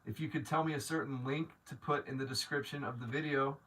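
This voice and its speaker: A man's voice: mid-range voice, fairly even intonation, fast, a bit bright, recorded from a distance. A man hosting a casual live stream, chatting to viewers, rambling with many restarts and growing openly grateful. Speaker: livestream host.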